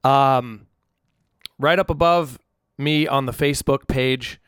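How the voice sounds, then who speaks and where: Recorded cleanly on a studio mic with no echo, this young podcast host speaks slowly in a medium-pitched voice that's clear, resonant and a bit bright. He chats alone from his room, rambling and poking fun at himself.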